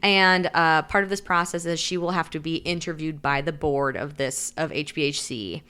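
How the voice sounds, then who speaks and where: In a casual book recap chat, a woman co-hosting a podcast retells the story, using "like" heavily and voicing the characters' quotes in shifting tones. Her deep voice is bright, forceful, clear and resonant, with fairly even intonation at a normal speed.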